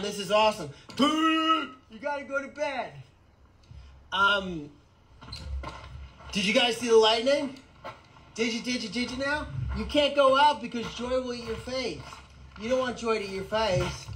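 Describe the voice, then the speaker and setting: A man hosting a casual live vlog outdoors on an animal sanctuary farm, talking in an excitable, rambling way. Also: high voice, moderate pace, a little hiss or hum, rough recording.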